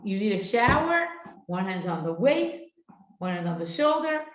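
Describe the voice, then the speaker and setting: Lively middle-aged woman teaching a class. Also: medium pitch, normal speed. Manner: lively storyteller who acts out family dialogue. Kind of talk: lecture with anecdotes. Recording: echoey room.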